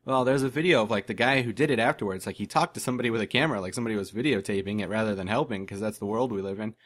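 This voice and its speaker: A man's voice: lowish voice, rapid-fire, fairly bright tone. Podcast co-host, man, dry sarcastic jokes, casual chat.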